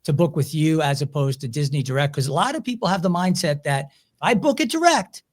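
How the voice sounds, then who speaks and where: A man's voice: fairly high pitch, animated, a little fast. A man with a Philadelphia accent hosting a casual interview, asking long, rambling questions full of restarts. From Chicago area. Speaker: podcast host.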